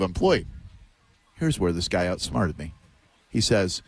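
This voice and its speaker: A man hosting a radio show, swapping casual banter with his co-hosts. He tells stories against himself, at an everyday middle pitch. He acts out the other people in his anecdotes along the way. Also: sing-song, normal speed, pauses often. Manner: self-deprecating storyteller, plays voices in anecdotes. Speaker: radio host.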